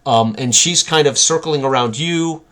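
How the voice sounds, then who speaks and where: A man's voice: on the high side, moderate pace, a loud crowd. Man narrating as game master.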